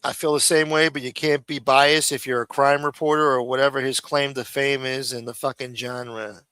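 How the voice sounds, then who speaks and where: A man's voice: mid-range voice, flat delivery, moderate pace, pushed and bright, clean tone, no room sound. A man hosting a livestream, ranting bluntly and profanely in a lecturing tone. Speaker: livestream host.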